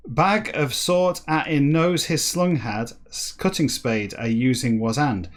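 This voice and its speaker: A man reading a book aloud for comedy, breaking off into dry, deadpan asides. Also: mid-range voice, a little slow, hardly any pauses. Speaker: comic reader.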